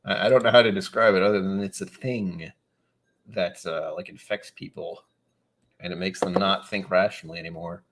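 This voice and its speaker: A man from New England chatting casually on a live stream. He reads out viewer comments and rambles along with wry, sudden animated asides. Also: deep voice, moderate pace, a little hiss or hum.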